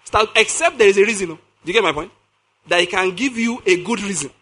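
A man delivers a sermon in a high, bright, forceful voice, talking fast with lively intonation. He reads scripture aloud and explains it emphatically, repeating key phrases. He also puts questions to his listeners.

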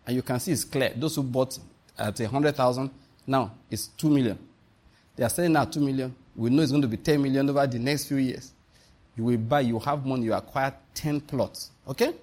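A Nigerian man preaching a conversational, humorous sermon full of stories. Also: medium pitch. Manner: humorous, storytelling, often laughing.

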